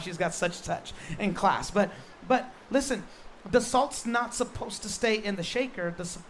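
A man's voice: high-pitched, slight background noise. Jokey, emphatic male pastor preaching. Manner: lively and joking, with emphatic repeated restarts. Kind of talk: sermon.

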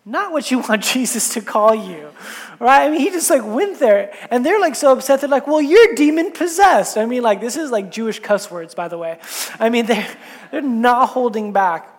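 A woman pastor giving a sermon, telling the story in a relaxed, conversational way with casual asides. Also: a little high, moderate pace. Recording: long reverb in a large hall.

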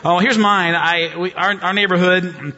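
A man's voice: sits high, fairly even intonation, a little slow, bright, forceful tone. A male pastor preaching a sermon in a church, telling a self-mocking personal story in a chatty, conversational way. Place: church hall. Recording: long reverb, dull lo-fi sound.

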